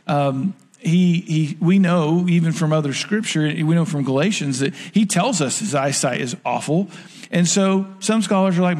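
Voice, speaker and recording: Conversational pastor with church reverb. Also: male voice, on the high side, darkish tone. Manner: conversational, acts out quotes. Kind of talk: sermon.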